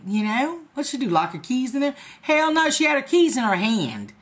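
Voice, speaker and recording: A woman's voice: high voice, big pitch swings, a little fast, few pauses. A woman in her forties telling a story in a casual, profane, laughing way to her viewers. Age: 40s. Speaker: vlogger.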